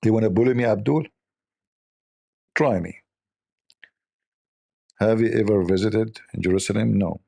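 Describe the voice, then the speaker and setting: A man's voice: fairly low pitch, measured pace, vocal fry, long pauses, warm tone. A man from the Middle East with an Arabic accent, hosting a casual livestream chat and telling rambling, joking stories full of "you know". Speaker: livestream host.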